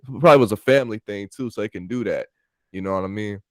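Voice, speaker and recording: A young man from California with a deep, low voice tells stories in a loose, rambling way. He swears freely and keeps restarting his sentences. The sound is dry and close, with no room around it. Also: quick pace, no echo. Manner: rambling, profane, lots of fillers and restarts. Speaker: podcast host. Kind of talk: casual storytelling chat. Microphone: call audio.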